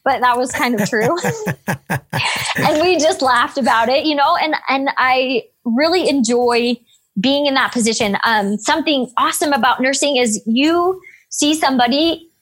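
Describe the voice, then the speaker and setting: High-voiced upbeat nurse, a woman. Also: moderate pace. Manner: upbeat, energetic and expressive. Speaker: emergency room nurse. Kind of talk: casual storytelling in conversation.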